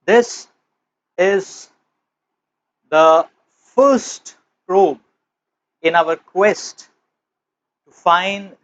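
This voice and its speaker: A man giving a spiritual lecture as teacher, telling a parable with slow, emphatic, measured phrasing, on a dull lo-fi recording. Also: on the high side, slight background noise.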